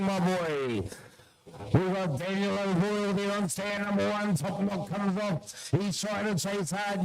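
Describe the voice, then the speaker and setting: A high-pitched man commentates live on a shearing contest. He calls out each competitor by name and pushes them to keep going. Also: poor audio. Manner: urges competitors on, calling out names.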